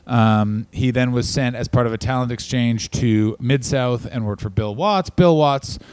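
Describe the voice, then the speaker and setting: A man's voice: mid-range voice, unhurried, a little mellow, clear, resonant tone, dry recording. A man co-hosting a wrestling podcast, chatting casually and profanely, riffing with jokes. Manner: profane, riffing, breaks into silly mock accents. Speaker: podcast co-host. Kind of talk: casual comedic chat.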